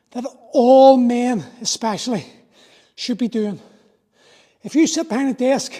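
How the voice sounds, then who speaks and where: A man's voice: very high-pitched, mellow. A man in his forties, a fitness coach talking through a live workout, explaining and motivating in an earnest way. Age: 40s.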